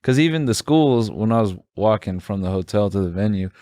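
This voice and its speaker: Low-voiced man telling a rambling story. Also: animated, brisk, mellow, no room sound, studio quality. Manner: rambling storyteller, many fillers and restarts. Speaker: podcast co-host; stand-up comedian. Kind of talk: casual chat.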